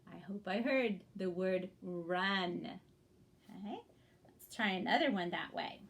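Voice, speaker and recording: A woman's voice: mid-range voice, lively intonation, slow pace. A woman teaching young children to blend word sounds in a reading lesson, speaking patiently and encouragingly and checking in often.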